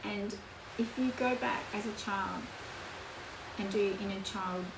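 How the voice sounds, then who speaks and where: A woman giving a spoken tarot reading in an earnest, emotional way, with slow emphatic phrasing. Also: mid-range voice, creaky. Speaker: tarot reader. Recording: echoey room, voice from off-mic, background noise.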